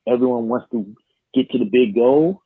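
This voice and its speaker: A man's voice: medium pitch, moderate pace, slightly rough, no echo. A man leaving a voicemail for a podcast, earnest and confident, with some "um" fillers. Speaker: caller. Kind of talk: phoned-in voicemail. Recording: tinny phone line.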